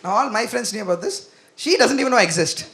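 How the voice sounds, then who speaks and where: Lively gravelly young man doing stand-up. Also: sits high, fast. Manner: animated, self-deprecating, acts out quoted voices. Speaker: stand-up comedian. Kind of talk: stand-up comedy set. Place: comedy club stage.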